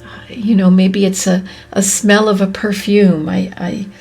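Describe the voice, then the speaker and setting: Slow, gravelly, breathy-voiced woman. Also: mid-range voice, flat delivery, faint music behind. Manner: soft, often whispery, pausing. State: emotional, voice catching. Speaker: podcast host. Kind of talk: slow reflective monologue.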